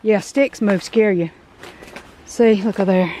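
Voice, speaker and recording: A middle-aged woman with a warm Southern US drawl hosts a casual vlog outdoors, her chatty, folksy talk a little emotional. A light hiss of outdoor noise sits under the voice. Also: medium pitch, unhurried, pauses often. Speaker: vlog host. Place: outdoors at an abandoned house.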